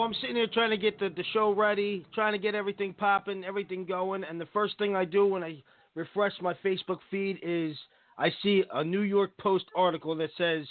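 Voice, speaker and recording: A man co-hosting a podcast, joking crudely and swearing. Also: high voice. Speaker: podcast co-host. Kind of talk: casual chat. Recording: dry tinny phone-like line.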